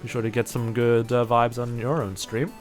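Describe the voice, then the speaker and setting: Faint music plays behind a young man with a New Zealand accent chatting on a gaming live stream. Despite a sore throat and stuffy nose, he rambles casually in a level, mid-range voice at normal speed, using lots of fillers and mock exasperation.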